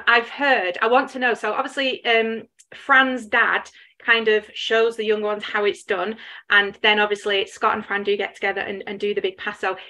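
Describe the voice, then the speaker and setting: A woman's voice: medium pitch, bright, forceful tone. A woman interviewing a guest, asking friendly questions with many fillers and restarts.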